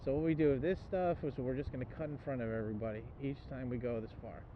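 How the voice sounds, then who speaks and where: A man's voice: medium pitch, steady tone, quick pace. A young man riding a motorcycle outdoors, rambling, joking and swearing to his viewers in casual commentary. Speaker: motorcycle travel vlogger. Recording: muffled sound with loud road noise.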